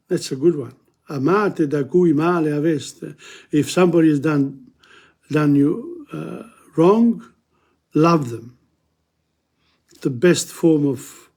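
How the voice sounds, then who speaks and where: An older man, teaching in a loose, conversational way. His voice sits a little high for a man, and he stumbles and repeats words as he moves between recited verse and plain English explanation. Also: warm tone, breathy edge. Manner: halting, repeats words, mixes Italian quotes with English explanation. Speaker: teacher reading and explaining Dante. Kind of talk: informal lecture with readings in Italian.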